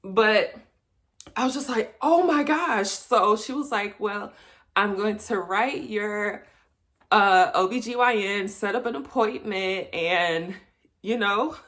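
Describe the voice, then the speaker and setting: Young woman vlogger, casual storyteller, chatty, laughs often, mid pitch. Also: takes it slowly. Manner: chatty, animated when quoting, laughs often.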